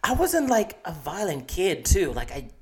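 A man's voice: high voice, wildly swooping pitch, unhurried, a crowd in the background. A man in his twenties from Malawi, co-hosting a podcast and chatting in a reflective, earnest way with easy laughter. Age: 20s. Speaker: podcast co-host. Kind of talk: casual chat.

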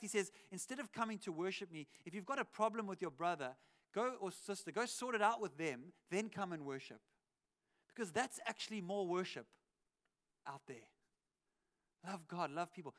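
A man's voice: high-pitched, pushed and bright. A man preaching a sermon in a church, talking conversationally through a cheek mic, acting out quotes with wry asides. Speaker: pastor. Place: church auditorium. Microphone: cheek headset microphone.

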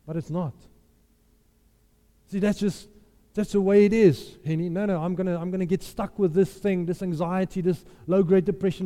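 A man preaching a sermon, telling a lively personal story and acting out the voices in it. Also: high voice. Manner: animated storyteller, laughs often, acts out quotes. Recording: echoey hall reverb.

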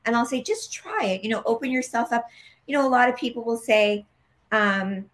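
A woman guest in an interview, an animated storyteller who acts out the dialogue she quotes. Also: on the high side, fairly quick. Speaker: guest, medical intuitive healer.

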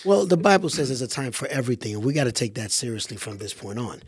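A man's voice: medium pitch, big pitch swings, quick pace, breathy edge. A man, a karate instructor, talking in a casual faith-based discussion and preaching emphatically about scripture. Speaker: karate instructor and podcast co-host.

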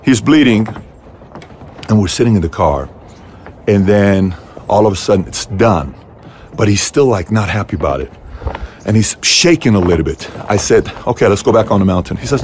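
A middle-aged man hosting a motivational talk to camera, telling a personal story with animated leaps in his voice. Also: brisk, slight background noise. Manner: animated storytelling, voice jumping high on key moments. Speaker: host.

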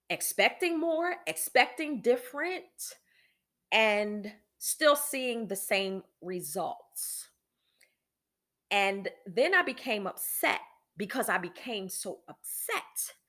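A woman's voice: a little high, fairly bright tone. A woman hosting a podcast, talking candidly and emphatically about a personal frustration and speaking straight to her listeners in a preacherly way. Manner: emphatic, exasperated storytelling with frequent restarts; direct address to listeners, preacherly. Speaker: podcast host.

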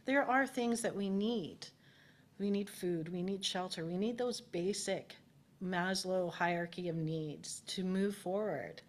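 A woman's voice: lowish voice, unhurried. A woman spiritual director giving a conversational sermon at a spiritual center and asking the congregation questions. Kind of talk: casual sermon. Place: spiritual center, in person and streamed.

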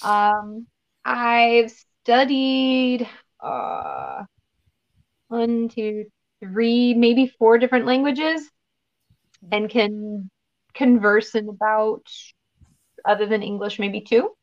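A woman actress chatting as an interview guest, talking in an animated, storytelling way. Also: fairly high pitch, drawn-out words, pauses often, dull audio. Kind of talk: casual interview chat.

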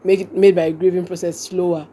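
A woman's voice: on the low side, a little fast, slightly rough. A young woman with a Nigerian accent, telling a story in casual conversation, repeating her phrases and acting out what people said. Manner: animated, repeats phrases and acts out quoted speech. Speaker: podcast guest.

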